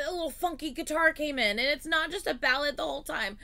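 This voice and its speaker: Woman reactor, casual commentary, effusive exclaiming, slightly high voice with a forceful edge. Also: a little fast, creaky, faint music behind. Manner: effusive, exclaiming, swings from gushing to murmuring. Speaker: music video reactor.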